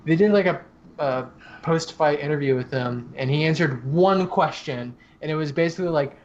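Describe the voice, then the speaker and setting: A man's voice: fairly high pitch, moderate pace, lo-fi sound. A man co-hosting a casual podcast, swearing often as he retells events with animation. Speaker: podcast co-host. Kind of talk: casual chat.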